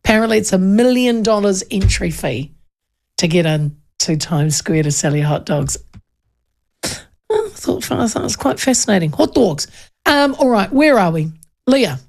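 A woman hosting a radio show, talking. She chats casually and rambles from one story to the next, often restarting her sentences. Her voice has a gravelly, creaky edge. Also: mid-range voice, animated, moderate pace, darkish tone. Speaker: radio host. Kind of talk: casual chat.

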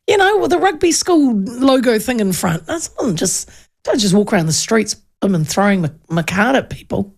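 A woman's voice: fairly high pitch, lively intonation, fairly quick, creaky, darkish tone, slightly rough. A woman, hosting a radio show in casual, rambling chat. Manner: chatty, rambling storytelling with many restarts. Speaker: radio host.

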